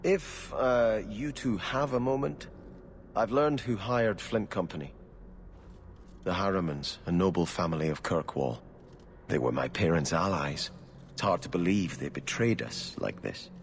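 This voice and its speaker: A man's voice: low-pitched, a little slow, in a large hall, a little hiss or hum. An actor voicing an earnest, devout young male noble in a video game. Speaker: exiled noble.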